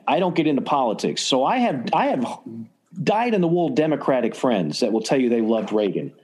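A man's voice: mid-range voice, darkish tone. A man hosting a casual sports talk show, rambling enthusiastically and often restarting his sentences. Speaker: podcast host.

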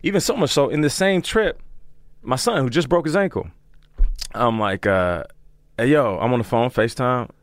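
A man spins stories as a podcast guest, lively and expressive, jumping into the voices of the people he quotes. His voice sits at a middling pitch. The studio sound is close and dry. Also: moderate pace, long pauses, dry recording. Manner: animated, acts out quoted voices. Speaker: podcast guest, former football player. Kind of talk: casual storytelling.

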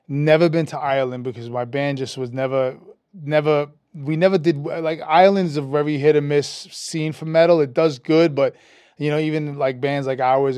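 Animated New man telling stories. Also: on the high side, clean tone, no echo. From New York. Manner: animated, profane, acts out quotes with a rising voice. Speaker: guest, metal musician. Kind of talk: casual storytelling interview.

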